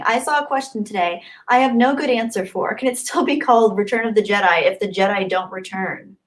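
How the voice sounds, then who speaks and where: A young woman hosting a casual livestream, reading super chats and thanking viewers. She gushes and gets excited, and she thinks aloud as she scrolls the chat. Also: a little high. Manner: bubbly, gushing and excitable. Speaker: livestream host.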